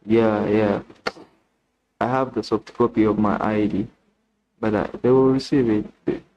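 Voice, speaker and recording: Slow-talking Ugandan man, muffled stream. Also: on the low side, fairly even intonation, slight background noise. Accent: Ugandan English. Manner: thinking aloud with restarts and questions. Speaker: live-stream vlogger. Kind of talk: casual live-stream chat, reading messages aloud.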